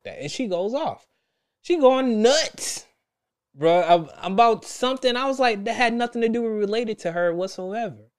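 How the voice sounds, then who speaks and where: A young man, a podcast host telling a story in casual chat, animated and laughing often. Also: extremely high pitch, moderate pace, clear, resonant tone. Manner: animated, laughs a lot, acts out quotes.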